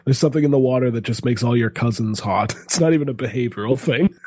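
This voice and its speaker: A man's voice: mid-range voice, quick pace, a little mellow, a little hiss or hum. A man from the Boston area with a Boston accent, co-hosting a casual comedy podcast and trading jokes. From Boston area, Massachusetts. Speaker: podcast co-host. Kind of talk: casual banter.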